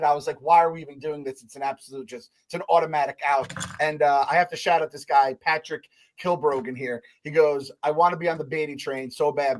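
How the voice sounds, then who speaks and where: Wry man hosting a sports podcast. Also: on the high side. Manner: wry, joking, leads the conversation. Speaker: podcast host. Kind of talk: casual sports banter.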